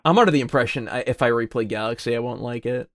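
A man's voice: medium pitch, fast, no echo. Young man rambling, dry close sound. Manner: rambling, hesitant restarts, trails off quietly, swears freely. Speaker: podcast co-host. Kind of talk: casual chat.

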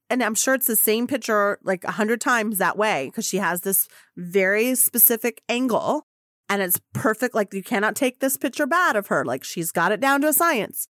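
A woman hosting a podcast, telling a personal story in an excitable, gushing way and swearing casually. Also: on the high side, no room sound, clean studio sound. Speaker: podcast host.

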